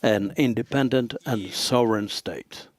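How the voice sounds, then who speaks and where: A man giving simultaneous interpretation of a formal speech at a forum, in a halting, measured delivery with frequent pauses and fillers. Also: fairly low pitch.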